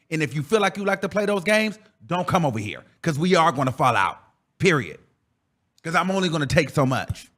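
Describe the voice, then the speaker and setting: A man's voice: fairly high pitch, fairly bright tone. A man hosting a reaction show, ranting in a profane, confrontational and emphatic way. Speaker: commentary host. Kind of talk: heated reaction commentary.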